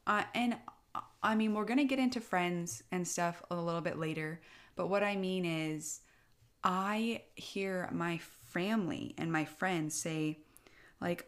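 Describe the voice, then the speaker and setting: A woman's voice: on the low side, unhurried. A young woman, a military spouse, chatting in a casual, emotional way, tearful and rambling with many fillers. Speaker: podcast co-host, military spouse. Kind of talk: casual heartfelt chat.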